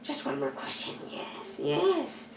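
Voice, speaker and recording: A young woman voicing a greedy, sly cave creature with a hissing, breathy half-whisper that jumps to high shrieks. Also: huge pitch swings, slow pace, exaggerated voice. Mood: wheedling. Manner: wheedling, with sudden high shrieks. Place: church hall. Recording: echoey room, far from the mic.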